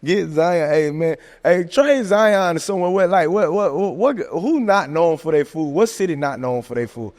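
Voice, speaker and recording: Man, young adult, animated joking sports talk, somewhat high pitch, long reverb. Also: moderate pace, few pauses. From American South. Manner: animated, joking, lots of "man" and "hey, look". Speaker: podcast host. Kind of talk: casual sports chat.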